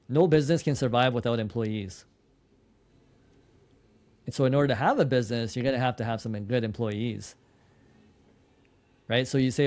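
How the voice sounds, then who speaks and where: This entrepreneur from Canada is a podcast guest sharing a story in a relaxed interview. His medium-pitched voice is a little mellow, and he keeps restarting and repeating words while quoting his own lines in anecdotes.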